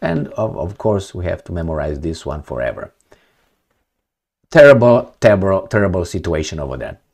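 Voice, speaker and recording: A man's voice: low-pitched, big pitch swings, moderate pace, gravelly, darkish tone. A man giving blunt, opinionated, sometimes profane commentary on news articles, rambling with many fillers and restarts. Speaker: political commentator.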